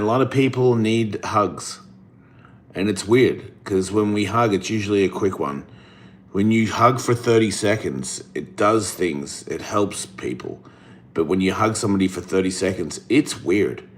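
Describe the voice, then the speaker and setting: A middle-aged man with a lowish voice hosts a casual live stream, reading the chat aloud. He answers bluntly and rambles, swearing freely.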